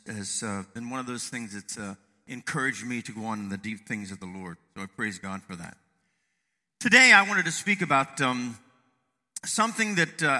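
A man preaching a sermon in church, halting with many fillers and restarts, then building into fervent preaching. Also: mid-range voice, in a large hall. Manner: soft and reflective at the start, rising to fervent preaching. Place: church sanctuary.

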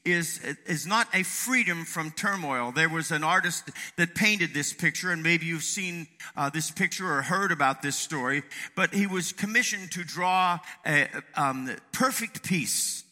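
Male preacher, fairly high and very bright voice, hesitant with lots of ums, church hall reverb. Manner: halting, with many fillers and restarts; soft and reflective at the start, rising to fervent preaching. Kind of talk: sermon. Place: church sanctuary.

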